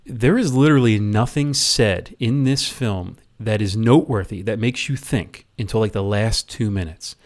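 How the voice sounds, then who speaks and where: A man's voice: on the low side, normal speed, hardly any pauses. A man reviewing a movie in a casual rant, rambling and often stumbling over and repeating his words.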